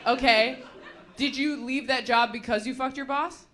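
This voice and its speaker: A woman's voice: high-pitched, fairly even intonation, moderate pace, fairly bright tone. A young woman doing stand-up comedy on stage, brash, profane and self-deprecating, chatting with the crowd. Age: young adult. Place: comedy stage before a live audience. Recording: noisy live comedy show recording.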